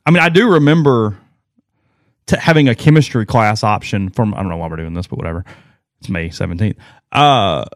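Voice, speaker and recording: A man's voice: medium pitch, dry recording, studio quality. A man co-hosting a sports podcast in casual chat, rambling and self-deprecating as he tells stories.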